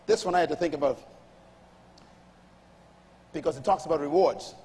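A man's voice: on the high side, moderate pace, darkish tone, big-room sound. A man preaching a sermon in an emphatic call-and-response manner, reading scripture aloud and urging the congregation to respond. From Bahamas. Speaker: pastor.

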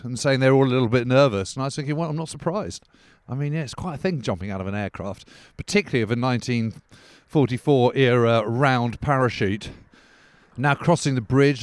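A man's voice: medium pitch, no room sound, clean studio sound. A male podcast host giving a rambling on-location commentary outdoors, peppered with "sort of" and "kind of", while walking along a country road.

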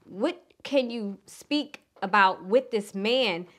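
A woman's voice: medium pitch, expressive, takes it slowly, fairly bright tone. A middle-aged woman from Philadelphia with a Southern twang, giving frank relationship advice in a casual vlog and swearing freely. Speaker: relationship coach.

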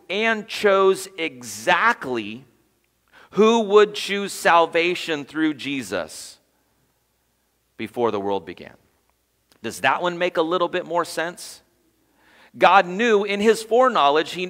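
A man's voice: a little high, a bit bright, in a large hall. A man preaching as pastor to his congregation in a conversational way, quizzing the room as he goes. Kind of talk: sermon. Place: church sanctuary.

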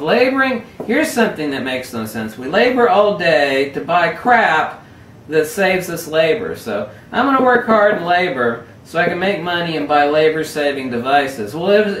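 A man delivers a sardonic, emphatic vlog rant in a fairly high voice. He sits back from the mic in an echoey room, with faint hiss under him. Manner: animated, emphatic, sardonic ranting. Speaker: photography vlogger. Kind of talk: ranting camera-gear vlog. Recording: roomy echo, mic at a distance.

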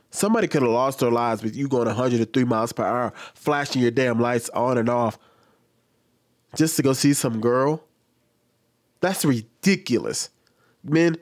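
Exasperated man lecturing other men. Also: mid-range voice. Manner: lecturing, exasperated, with repeated pleas. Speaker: commentator. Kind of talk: reaction commentary.

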